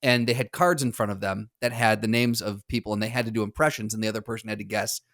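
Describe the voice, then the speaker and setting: A man's voice: on the low side, steady tone, quick pace, a bit bright, no room sound, clean studio sound. A man co-hosting a podcast, telling a long story in casual chat with many fillers. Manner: storytelling, rambling with fillers and laughs. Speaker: podcast co-host.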